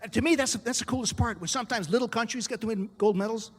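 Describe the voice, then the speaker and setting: A middle-aged man from the United States performing a stand-up comedy set on a club stage, with punchy delivery and quick asides to the crowd. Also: extremely high pitch, in a large hall.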